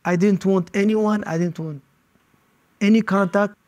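A man giving personal testimony as an interviewee, speaking in short, halting phrases. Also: high-pitched, fairly even intonation, a little mellow. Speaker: interviewee recounting detention.

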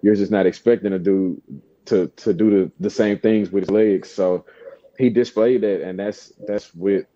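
Brief: male athlete, very low dark voice, hesitant, dull clip audio. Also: steady tone, no echo. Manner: halting, many restarts. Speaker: football player in interview clip. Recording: dull clip played on air.

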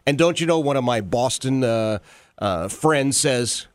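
Lively teasing male radio host. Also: mid-range voice, unhurried, no room sound. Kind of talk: casual radio banter. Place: radio studio. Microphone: studio mic.

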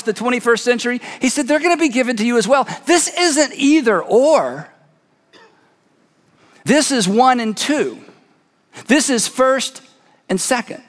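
A man preaching a sermon, retelling a story dramatically and dropping to a hush for emphasis. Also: high voice, in a large hall. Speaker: pastor.

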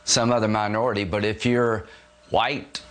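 A man's voice: on the low side, flat delivery, normal speed, fairly bright tone. Assertive man making a statement. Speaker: politician in a played clip. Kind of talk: public statement.

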